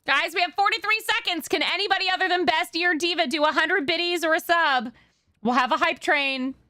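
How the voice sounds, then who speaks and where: A woman's voice: very high-pitched, a little fast, bright, forceful tone, no room sound, clean studio sound. A woman streamer gushing thanks to her chat between bits of roleplay as a police sergeant.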